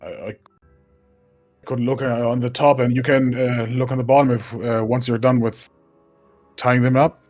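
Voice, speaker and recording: A man in a tabletop game, speaking in character with hesitant, halting phrasing. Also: medium pitch, flat delivery, darkish tone, faint music behind. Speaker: player.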